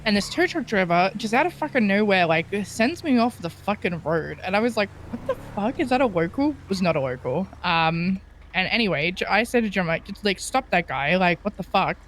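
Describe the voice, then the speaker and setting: A woman telling a game story in casual chat, excitable and laughing, swearing freely. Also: medium pitch, fairly quick, a little hiss or hum. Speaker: streamer's role-play partner.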